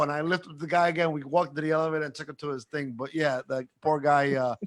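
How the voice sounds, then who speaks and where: The voice is a man's, pitched a little high and heard dry and close with no room sound. He tells an animated, rambling story over a video call, often circling back and restarting his sentences. The tone is that of a casual chat with industry friends. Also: quick pace, hardly any pauses, dry recording. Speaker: guest from the cigar industry. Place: at home.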